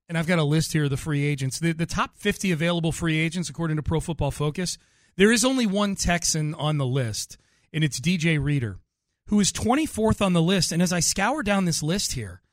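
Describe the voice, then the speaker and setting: A man's voice: fairly high pitch, no echo, studio quality. A man co-hosting a casual sports talk show, wry and self-mocking. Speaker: sports radio co-host.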